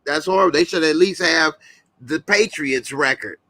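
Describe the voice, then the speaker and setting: A man with a fairly high, bright, forceful voice hosts a call-in show. He argues his sports opinions in an animated, slangy way. The sound is dry and close, with no room echo. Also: moderate pace. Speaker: host.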